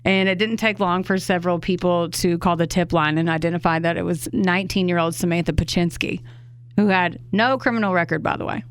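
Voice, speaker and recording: A fairly low-voiced woman tells a true crime story to her co-host. She talks casually and swears freely when something angers her. The sound is dry and close, with no room around it. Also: steady tone, a little fast, clean tone, no room sound. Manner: conversational, swears freely, indignant asides.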